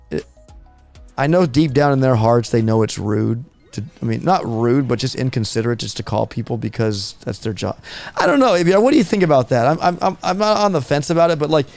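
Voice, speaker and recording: A man's voice: medium pitch, gravelly, darkish tone, no room sound. A man in his thirties hosting a gaming live stream, chatting casually and rambling with frequent restarts. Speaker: gaming channel host.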